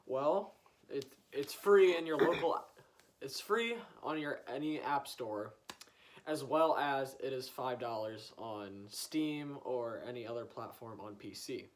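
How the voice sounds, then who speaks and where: The younger brother co-hosting a casual podcast, talking slowly with sudden bursts of loud laughter. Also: mid-range voice. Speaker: podcast co-host. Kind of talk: casual chat.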